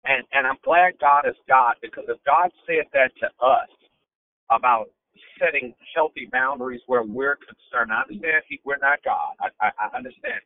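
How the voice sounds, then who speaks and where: A man's voice: mid-range voice, normal speed, no room sound. A man, a pastor hosting a phone-in prayer call, talking in a preacherly way that keeps repeating and restarting phrases. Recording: phone-line audio.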